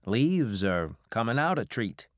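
A man voicing a cagey middle-aged family man who speaks briskly and evasively. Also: medium pitch, very animated, no echo, studio quality, pitched above the performer's own voice.

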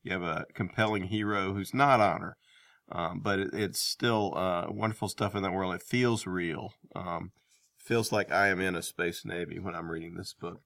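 Low-voiced male interviewer, halting. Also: fairly even intonation, creaky, a bit bright, no echo, clean studio sound. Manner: friendly, halting, many fillers.

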